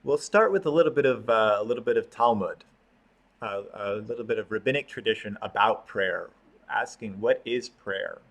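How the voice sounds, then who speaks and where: A man's voice: fairly low pitch, expressive, moderate pace, fairly bright tone. A man teaching an online class on prayer, explaining terms patiently with frequent fillers and restarts.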